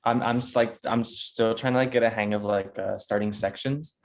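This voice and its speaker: A man with a lowish voice asks for help during a workshop, stumbling through his question with many fillers. He is heard over a video call. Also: fairly even intonation, moderate pace. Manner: hesitant, full of fillers. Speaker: workshop participant.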